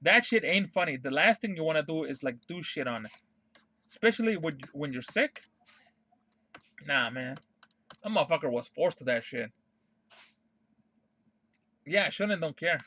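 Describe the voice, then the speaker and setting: A man's voice: fairly high pitch, expressive, normal speed, pauses often, sharp tone, dry recording. A man streaming a casual ranting monologue, profane and emphatic, repeating his points over and over.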